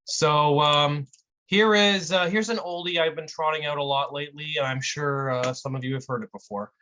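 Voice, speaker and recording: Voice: mid-range voice, normal speed, muffled recording. Featured poet, casual and rambling, video-call sound. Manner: relaxed, rambling, swears casually. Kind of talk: casual chat.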